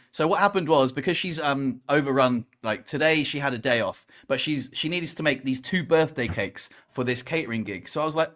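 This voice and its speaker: A man's voice: mid-range voice, expressive, brisk, hardly any pauses, a bit bright. A man chatting casually on a podcast, telling a story and acting out what people said. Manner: storytelling, acts out quoted lines. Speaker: co-host. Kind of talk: casual chat.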